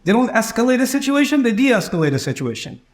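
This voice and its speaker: This middle-aged man gives an Islamic lecture in a very high, sing-song voice at a quick pace. He tells stories and acts out the voices of the people in them.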